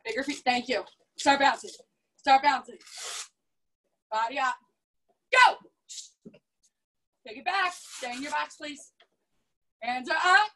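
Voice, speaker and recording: Bright, high-voiced woman coaching karate. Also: distant mic, rough recording. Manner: brisk, commanding, counts and cues drills. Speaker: karate instructor. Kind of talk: coaching a class over video call. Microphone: video call.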